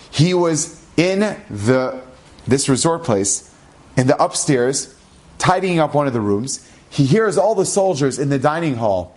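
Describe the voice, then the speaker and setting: A man, a rabbi, telling a dramatic story in an animated, expressive way. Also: medium pitch. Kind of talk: storytelling talk.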